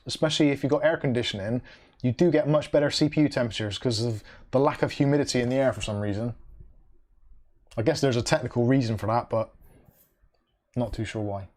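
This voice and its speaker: A man's voice: mid-range voice, a little mellow. A man hosting a casual livestream, reading viewer comments aloud and reacting with dry asides, humming to himself between messages. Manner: chatty, hums "da da da" between comments. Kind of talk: casual live-stream chat.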